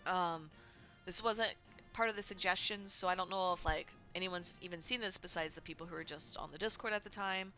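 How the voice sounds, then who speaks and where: Woman streamer, chatty host, bright tone, faint music underneath. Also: on the low side, a little fast. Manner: chatty, full of "like" and "right?". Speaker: livestream host. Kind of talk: casual game news chat. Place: home streaming setup.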